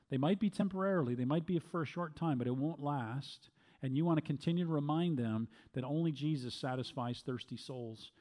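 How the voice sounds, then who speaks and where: A middle-aged man answering questions as a pastor, speaking calmly and measuredly, with frequent restarts. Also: mid-range voice. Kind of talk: Q&A teaching talk.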